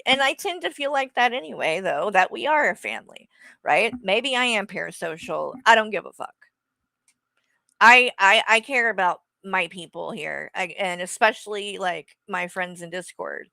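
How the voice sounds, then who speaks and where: A woman's voice: medium pitch, vocal fry, sharp tone, no room sound. A woman streamer ranting casually to her viewers in a blunt, sarcastic way and swearing freely. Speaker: streamer host.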